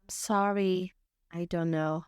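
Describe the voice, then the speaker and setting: A woman teaching English, reading short everyday phrases one at a time with careful, deliberate enunciation and pauses between them. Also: lowish voice, fairly even intonation, smooth, no echo, studio quality. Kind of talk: slow phrase-by-phrase reading for learners.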